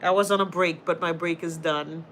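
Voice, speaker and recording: A woman's voice: fairly low pitch, fairly even intonation, normal speed, a bit bright, slight background noise. A woman from Boston with a Boston accent, a healthcare teacher hosting a casual livestream and chatting straight to her viewers while answering their comments. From Boston, Massachusetts.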